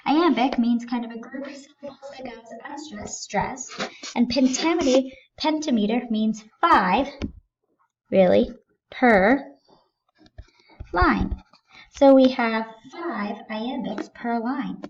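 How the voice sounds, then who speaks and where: A woman's voice: fairly high pitch, lively intonation, slow, dull audio, background noise. A woman teaching a recorded lesson, explaining things step by step in a patient way.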